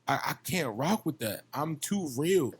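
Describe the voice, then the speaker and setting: A man's voice: on the high side, expressive, unhurried, husky. Passionate young man from Virginia, swearing. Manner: passionate, heavy swearing, repeats himself. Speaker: podcast guest, musician. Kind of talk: casual chat.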